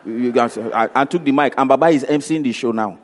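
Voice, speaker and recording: A man with a Nigerian accent, medium pitch and fast delivery, gives a motivational talk in a space with long hall reverb. As the speaker, he tells stories, acts out the dialogue, and repeats points emphatically.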